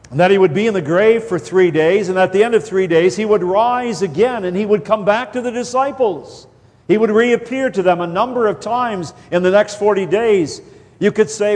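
A man delivers an expository sermon slowly and deliberately, leaning on key words and at times repeating himself to press a point home. His voice sits high and is a little mellow, with a long hall reverb in the recording.

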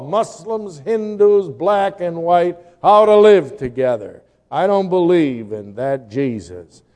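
A man preaching a sermon, slow and emphatic, building to forceful declarations. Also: fairly high pitch, big-room sound.

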